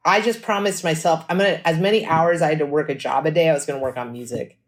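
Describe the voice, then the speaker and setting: A woman musician telling stories in a casual podcast interview, lively and chatty, acting out what people said. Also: low voice. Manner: animated storytelling, acts out quotes; fast and chatty, frequent "like". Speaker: musician guest.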